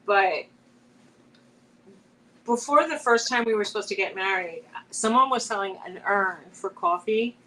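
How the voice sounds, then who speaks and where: A woman's voice: mid-range voice, unhurried, long pauses, bright, forceful tone, a little hiss or hum, poor audio. A woman co-hosting a live chat with a friend, telling rambling stories full of restarts and laughing often mid-sentence. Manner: rambling, chatty storytelling with many restarts. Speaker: co-host of a live chat show. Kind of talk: casual chat between friends.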